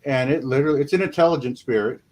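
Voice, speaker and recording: A man talking as a paranormal investigator guest in a casual interview, rambling and folksy, filling pauses with "you know". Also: mid-range voice, a little mellow.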